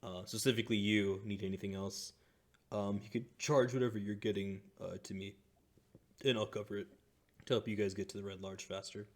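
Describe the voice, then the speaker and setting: A man as a game master doing a proud, vengeful male crime boss in a tabletop game. He speaks in a deep, level voice, calm and measured, with threat simmering underneath. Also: close to an everyday voice. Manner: calm and measured, flaring into booming rage.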